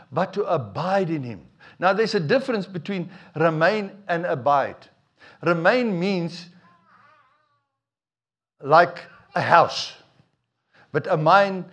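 A middle-aged man, preaching a sermon in a conversational, animated way with asides to the congregation. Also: high voice. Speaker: pastor.

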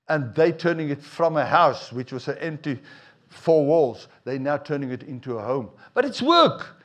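A middle-aged man, preaching a sermon in a conversational, animated way with asides to the congregation. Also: fairly high pitch. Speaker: pastor.

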